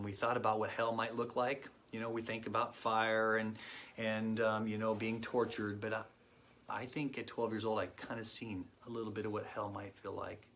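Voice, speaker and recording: A man in his late forties telling his personal faith testimony in an earnest, reflective way, pausing often. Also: on the low side, a bit bright. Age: 40s. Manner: earnest and reflective, with pauses and fillers. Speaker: guest sharing his testimony.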